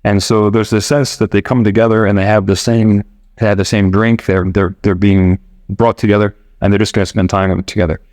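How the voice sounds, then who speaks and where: A man from the United States hosting a podcast, talking in a relaxed, rambling way with restarts and quoted asides. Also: fairly low pitch, a little fast, no echo, studio quality. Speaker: podcast host. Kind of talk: casual explanatory monologue. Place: living abroad in Argentina.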